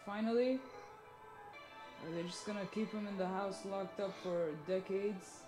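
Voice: mid-range voice, flat delivery, moderate pace, roomy sound, over music. A movie reaction host giving a blunt, profane running commentary while watching a film.

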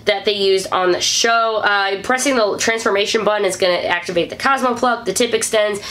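A woman's voice: medium pitch, a little fast. Upbeat woman from St. Louis hosting news. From St. Louis, USA. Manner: upbeat and chatty, with excited whoops. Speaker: host of a weekly fan news show. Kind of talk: casual news vlog.

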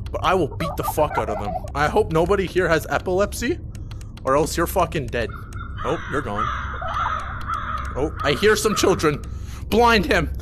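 A young man giving gaming commentary, loud and profane, with sudden yelps and laughs. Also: high voice, noisy background. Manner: loud, swearing, erratic bursts and laughs. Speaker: gaming YouTuber. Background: game music.

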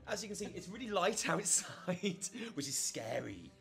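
Man, co-host, teasing banter, lively pitch, faint music behind. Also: normal speed, vocal fry. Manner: jokey, teasing, animated storytelling. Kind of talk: casual chat.

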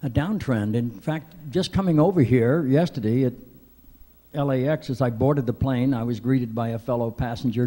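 An older man giving a keynote speech at a benefit breakfast, telling self-deprecating stories with frequent hesitant pauses. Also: mid-range voice, dark tone. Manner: wry self-deprecating storyteller, many hesitant "uh"s. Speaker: keynote speaker. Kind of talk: anecdotal after-breakfast speech. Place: large banquet hall. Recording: reverberant large hall.

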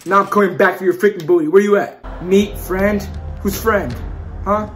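With faint music behind him, a gaming YouTuber records horror-game let's-play commentary in a high-pitched voice at moderate pace. He's excitable and jumpy, yelping at scares, then muttering and trash-talking the game while cursing mildly throughout.

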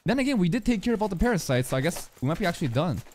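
An anime reaction streamer giving excitable, profane live commentary, talking straight at the screen. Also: medium pitch, rapid-fire, slight background noise.

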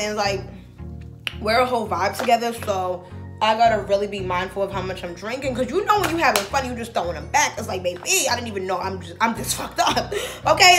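A sassy, talkative woman chatting to her viewers as she gets ready for a night out. Her voice sits a little high, and she keeps calling them baby and y'all. Soft music plays faintly underneath. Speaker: beauty vlogger. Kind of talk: casual get-ready-with-me chat.

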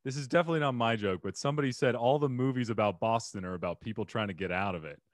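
A male podcast host who asks questions in a casual, chatty way. He laughs easily and answers the stories with quick exclamations. His voice sits at a middle pitch and sounds close and dry, with no room around it. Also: dry recording. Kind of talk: casual interview.

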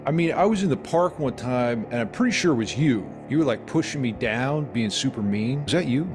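A man's voice: mid-range voice, animated, fairly quick, over music. A man hosting a comedic interview, teasing his guest with mock-serious cheeky questions. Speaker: show host.

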